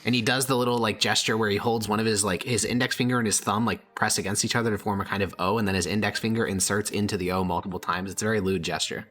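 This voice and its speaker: A man's voice: lowish voice, fairly even intonation, fast, hardly any pauses, a bit bright, faint music behind. A man narrating as game master of a tabletop game, casual and laid-back with slang.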